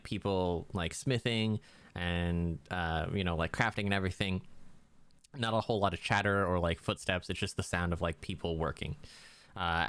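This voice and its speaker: A man with a lowish, smooth and clear voice runs a tabletop game, rambling through scenes with lots of fillers and restarts. The sound is dry and close to the mic, with no room around it. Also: fairly bright tone, no room sound. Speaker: game master.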